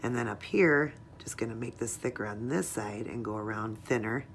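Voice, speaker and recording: A woman's voice: extremely low pitch, moderate pace, vocal fry, a little hiss or hum. A woman narrating a casual step-by-step nail art tutorial, chatting to viewers as she works. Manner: chatty, talks to viewers while working.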